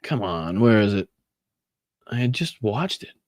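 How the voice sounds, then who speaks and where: A man's voice: on the low side, big pitch swings, a little slow, no echo, clean studio sound. Mocking, foul-mouthed man hosting a podcast. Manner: mocking, profane, laughs often. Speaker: podcast host. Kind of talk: casual political commentary.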